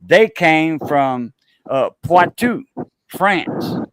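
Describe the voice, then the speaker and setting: A man's voice: on the high side, lively intonation, noisy background. A man with a Cajun accent, hosting a casual chat and telling long stories with many fillers and restarts. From South Louisiana. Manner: rambling storyteller, halting with many fillers and restarts. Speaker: host.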